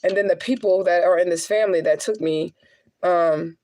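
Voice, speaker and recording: A spiritual adviser who vlogs talks to her viewers in a fairly low, mellow voice at a quick pace, with no room sound. Her casual, chatty style is blunt and profane, and she frequently laughs between weightier comments.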